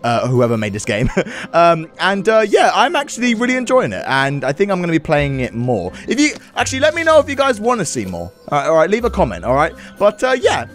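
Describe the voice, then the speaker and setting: A man doing excitable let's-play commentary on a video game, laughing and exclaiming often. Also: fairly high pitch, brisk, hardly any pauses. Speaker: gaming YouTuber. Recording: game music behind voice. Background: game music.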